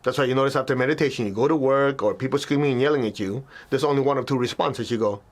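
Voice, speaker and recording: A meditation teacher gives a spiritual teaching talk at a quick pace, keeping it conversational. He frequently checks in with his listeners and acts out reactions with sudden high yelps.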